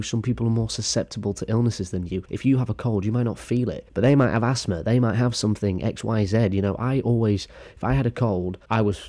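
A man's voice: fairly low pitch, dark tone. A man giving crude, rambling reaction commentary on a video.

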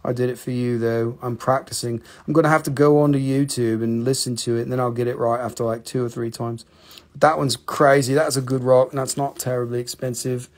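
A man's voice: mid-range voice, little pitch movement, a little fast. A man hosting a live-stream rock and mineral sale, talking casually into a handheld phone, joking, teasing viewers and swearing freely.

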